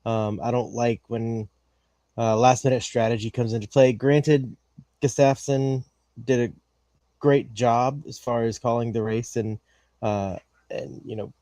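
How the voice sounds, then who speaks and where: A man's voice: medium pitch, mellow, no room sound. A man co-hosting a racing podcast, talking in a rambling way with many fillers and restarts. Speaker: podcast co-host. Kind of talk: casual chat.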